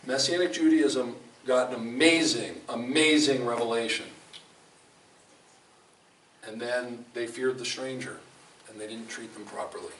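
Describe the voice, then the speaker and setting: A man's voice: medium pitch, measured pace, long pauses, a bit bright. A man giving a conversational, storytelling sermon in a fellowship hall, speaking emphatically and often restarting his sentences. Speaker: preacher. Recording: echoey hall from a distant mic, faint room noise.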